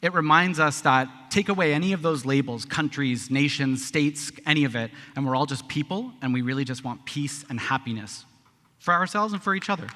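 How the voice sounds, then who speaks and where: Guy in his 30s, bright tense voice, kinda high, talking to a crowd in a big echoey hall. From Canada. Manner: conversational, often adds a tag question. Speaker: conference speaker. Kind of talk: speech to a live audience. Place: large conference hall.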